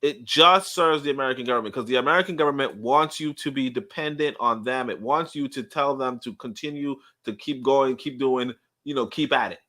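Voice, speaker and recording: Bright-voiced man ranting on a livestream. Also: medium pitch, a little fast, few pauses. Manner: rambling, with many restarts, and blunt cursing. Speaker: podcast host. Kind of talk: livestream commentary monologue.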